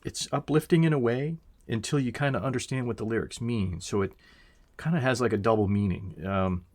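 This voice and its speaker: A man giving a casual, reflective album review, unhurried and full of fillers, swearing now and then. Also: mid-range voice, a little mellow. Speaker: music reviewer.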